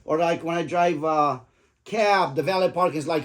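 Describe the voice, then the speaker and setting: This is a middle-aged man, somewhat high-voiced and brisk, casually telling his family stories over dinner. What he says wanders, gets profane, and leans on jokes.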